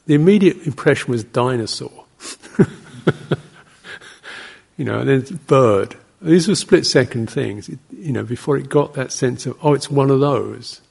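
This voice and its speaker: Gravelly, husky-voiced monk giving a dharma talk. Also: male voice, medium pitch, animated, measured pace. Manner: anecdotal and digressive, with soft laughs and short acted-out exclamations. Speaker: Buddhist monk teaching meditation.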